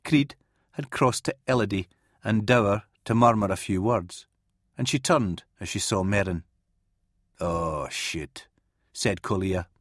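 A man narrating an audiobook in an expressive reading style. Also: on the low side, dry recording, clean studio sound. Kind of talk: scripted narration.

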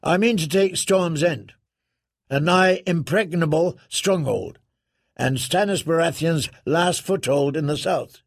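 A stern middle-aged lord commander, read by a man in an audiobook gives orders with cold deliberation. The voice is gravelly and husky, close and dry, pitched slightly above the narrator's own. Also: unhurried, dry recording. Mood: scornful, resolute.

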